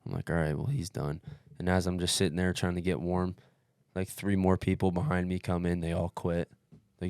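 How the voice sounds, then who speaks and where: Low-voiced, cursing young man telling a story. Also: brisk, hardly any pauses, clean tone, no echo, clean studio sound. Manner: profane, animated, says "dude" often. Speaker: podcast guest recounting an ultramarathon. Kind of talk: casual storytelling chat.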